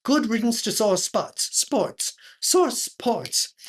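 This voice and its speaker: A pompous, affected aristocratic hostess, played by a woman, drawling slowly and dropping French phrases. Her pitch swoops up and down grandly as she holds court. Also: expressive, breathy edge, heavily acted. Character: pompous aristocratic lady chat show hostess. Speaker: host.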